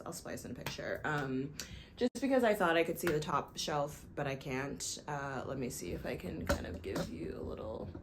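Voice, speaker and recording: A woman's voice: deep voice, slight background noise. A young woman talking casually to camera in a rambling, self-deprecating way with many fillers. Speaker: vlogger, software engineer.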